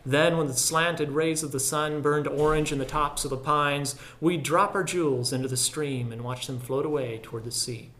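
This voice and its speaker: A man narrating a literary story in a measured, reflective way. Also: fairly high pitch, fairly even intonation, slight background noise. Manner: measured and reflective, dropping softer at solemn lines. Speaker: audiobook narrator.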